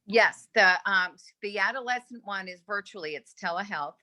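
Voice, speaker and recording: A woman's voice: mid-range voice, moderate pace, sharp tone. A woman from Boston who works at a hospital, speaking in a friendly, upbeat way on a video call from her phone. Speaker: hospital staff. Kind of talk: casual chat on a video call.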